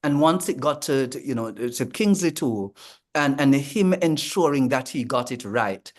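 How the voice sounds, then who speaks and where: A man, a language coach explaining in a panel discussion, measured and full of ums and restarts. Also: medium pitch, expressive.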